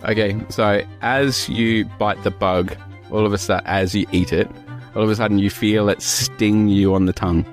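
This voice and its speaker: A man's voice: lowish voice, steady tone, normal speed, faint music behind. A man running a comedic tabletop game as game master, joking and laughing often.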